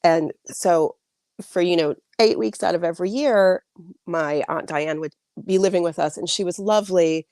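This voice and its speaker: A woman's voice: on the low side, normal speed, darkish tone, no room sound, studio quality. A woman author answering interview questions in a chatty way, full of likes and restarts, over a video call. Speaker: author guest.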